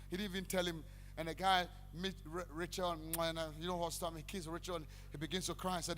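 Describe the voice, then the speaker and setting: Man, pastor, bright gravelly voice, shouted sing-song sermon, echoey church hall, faint hum. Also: high voice, fast talker. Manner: animated preaching that swings into shouted, sing-song calls to the congregation.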